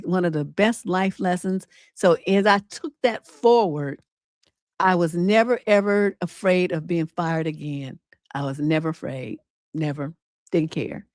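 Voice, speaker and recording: A middle-aged woman, a relationship coach and livestream host, telling a personal story in a casual, animated way, acting out quotes with attitude and cursing freely. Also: fairly low pitch, no room sound, clean studio sound. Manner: animated, sassy storytelling with acted-out quotes and swearing.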